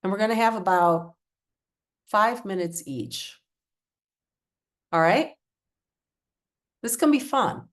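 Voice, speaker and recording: A woman's voice: mid-range voice, animated, takes it slowly, pauses often. A woman presenting a coaching workshop over a video call, upbeat, encouraging and conversational. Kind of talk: live online workshop talk.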